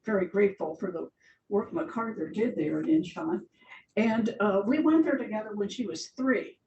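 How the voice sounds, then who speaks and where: A woman's voice: darkish tone, muffled recording. An older woman giving a chatty, informal talk about her slides as a church guest speaker, laughing often. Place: large church hall. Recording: echoey hall, distant mic, faint rumble.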